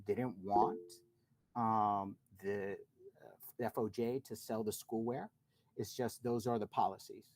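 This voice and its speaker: Male council member, low and mellow, explains step by step with restarts. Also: rough recording. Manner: halting, self-correcting. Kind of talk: explaining a policy at a meeting.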